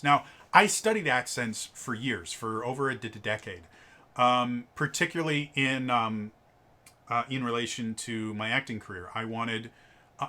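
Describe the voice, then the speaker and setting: Guy reviewing a game book, stutters a lot on first sounds, bright kinda sharp voice, rambly with lots of ums. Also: mid-range voice. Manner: loose, rambling delivery full of ums and uhs. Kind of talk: casual video review commentary.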